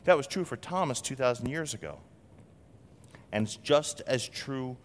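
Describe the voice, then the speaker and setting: A man preaching a sermon as pastor, lively and expressive, acting out quoted voices. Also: moderate pace, pauses often, long reverb tail, slight background noise. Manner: animated, acts out quotes with big swings in pitch.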